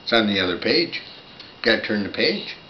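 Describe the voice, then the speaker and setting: An older man, a grandfather, reading a picture book aloud to a small child in gentle, coaxing baby talk with simple questions. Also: lowish voice, sing-song, moderate pace. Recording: roomy, dull lo-fi home recording with loud noise.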